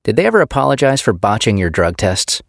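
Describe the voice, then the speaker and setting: Joking young male scientist with lively, teasing delivery, from a low-voiced narrator. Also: gravelly, no room sound, studio quality. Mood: wry. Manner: quick, teasing banter.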